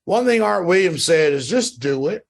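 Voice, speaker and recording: A man with a fairly high voice runs a sales training call. He speaks in an emphatic, repetitive motivational style, pressing the same points again and again. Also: expressive, moderate pace, gravelly. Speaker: network marketing trainer.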